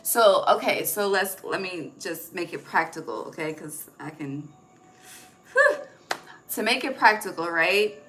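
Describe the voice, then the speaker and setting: A woman reads tarot in a loose, chatty way, cursing casually and checking in with her listeners. Her voice is bright and forward. It is recorded on a phone with a faint hiss underneath. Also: on the low side, lively intonation, measured pace, low-quality recording. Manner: chatty, profane, asks "okay?" often. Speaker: tarot reader. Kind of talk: casual intuitive tarot reading.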